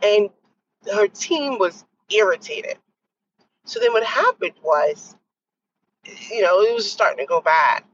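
A young adult woman hosting a podcast, telling a workplace story in a casual, exasperated way and lowering her voice to quote others. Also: big pitch swings, slow pace, pauses often. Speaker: podcast host. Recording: dull lo-fi sound with faint noise.

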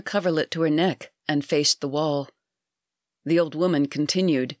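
A storyteller reading a dark tale with measured, deliberate pacing. The voice sits in a middling pitch. The recording is close and dry, with no echo. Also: steady tone. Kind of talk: scripted narration.

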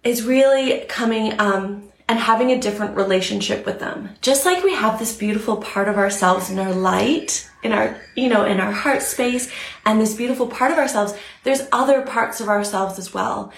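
A woman's voice: a little high, moderate pace, creaky, echoey room. A young woman coaching on a live stream, talking earnestly and reflectively with many fillers. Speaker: spiritual coach. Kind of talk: instagram live talk.

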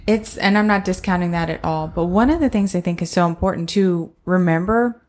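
Woman w a lower voice, earnest and explaining, casual faith chat. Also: brisk, darkish tone. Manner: earnest, explanatory, acts out little quotes. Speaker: podcast co-host.

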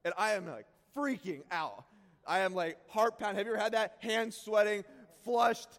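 A man preaching by telling a self-deprecating personal story, animated and prone to sudden shouts. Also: sits high, normal speed, in a large hall. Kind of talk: sermon storytelling.

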